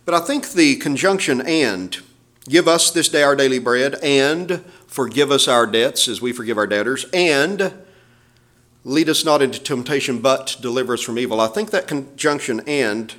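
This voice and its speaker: A male pastor preaching a sermon, with emphatic, measured phrasing and quoted scripture. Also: medium pitch, fairly bright tone.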